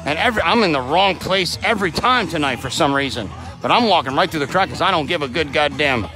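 Rowdy excitable man at a wrestling show. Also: a little high, a little fast, music in the background, poor audio. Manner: rowdy, excitable, swears freely. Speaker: ringside commentator filming a wrestling show. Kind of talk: loud excited ringside chatter. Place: indoor wrestling event in a crowd.

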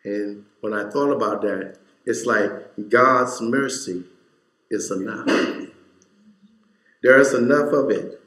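In an echoey church sanctuary, a male pastor preaches a sermon, telling a folksy story with informal grammar and building to fervent emphasis. His fairly low, somewhat bright voice takes it slowly, with long pauses.

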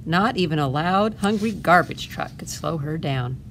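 A woman librarian reading a picture book aloud to children, pausing for gentle explaining asides. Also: low voice, animated, vocal fry, slight background noise. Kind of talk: storytime read-aloud.

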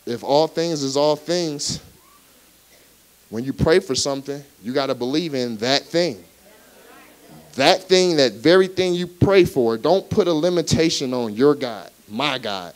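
A young man gives a preached personal testimony at a church service. He talks casually, then repeats key phrases and builds them into loud, emphatic exclamations. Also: on the high side, lively intonation, normal speed, some chatter behind, poor audio. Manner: conversational asides and chuckles. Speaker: guest speaker at a church service. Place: church service before a live congregation.

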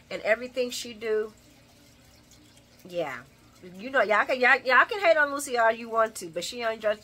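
Sassy, bright-voiced woman vlogger. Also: medium pitch. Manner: sassy, opinionated, laughs often. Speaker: soap opera recap vlogger. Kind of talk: casual chat recap.

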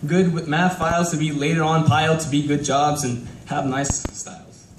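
A man's voice: on the high side, steady tone, moderate pace, a little hiss or hum. Young male spoken word performer, heartfelt and rhythmic, caught from afar in a reverberant room with faint ambience. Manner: rhythmic, rhyming, heartfelt delivery. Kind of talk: live spoken word piece. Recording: echoey room from a distant mic.

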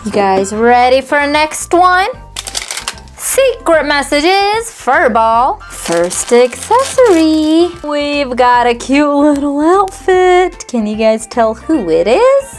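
A woman's voice: high-pitched, sing-song, slow pace, soft background music. A woman hosting a toy unboxing video, cheerfully talking straight to the viewers. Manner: cheerful, addresses viewers directly. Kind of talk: casual unboxing narration.

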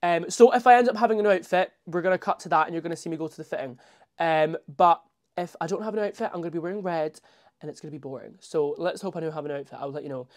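A male drag performer vlogs casually into a handheld phone, talking fast in a voice on the high side. He's chatty and excitable, sprinkling in plenty of "literally" and "um."

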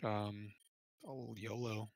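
A man with a lowish voice chats over a headset in a gaming voice call, dry and close with no room sound. He lays out team strategy in a chatty way and breaks into silly repeated noises between calls. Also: fairly even intonation, extremely slow, vocal fry, dry recording. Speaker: team shotcaller. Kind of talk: gaming voice chat.

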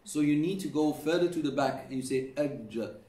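A man's voice: on the high side, fairly even intonation, brisk, warm tone. Patient man teaching pronunciation, echoey room. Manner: patient, demonstrates sounds repeatedly and coaches students. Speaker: Quran recitation teacher. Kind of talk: classroom lesson on pronunciation. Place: classroom. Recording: echoey room, mic at a distance.

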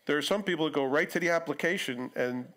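A man's voice: fairly high pitch, quick pace, a bit bright. A middle-aged male pastor giving a sermon in church, talking in a conversational way and acting out quotes in other voices.

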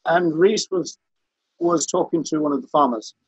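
Husky man telling a long anecdote. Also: a little high, moderate pace, dry recording, low-quality recording. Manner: rambling storyteller, frequent restarts, chuckling. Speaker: interview guest, veteran activist. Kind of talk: casual anecdote telling on a video call. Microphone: video call.

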